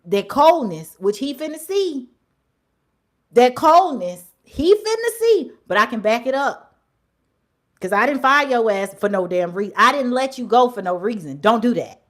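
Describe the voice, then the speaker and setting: A young woman hosting a livestream, talking in a blunt, animated way with slang and swearing. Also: fairly high pitch, moderate pace. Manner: drops to whispers at times. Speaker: livestream host. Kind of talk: casual livestream chat.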